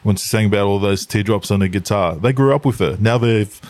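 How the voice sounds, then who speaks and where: Man, podcast host, low voice, dry close sound, relaxed and chatty. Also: fairly quick, dry recording. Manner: laid-back, chatty, laughs often. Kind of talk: casual podcast interview chat.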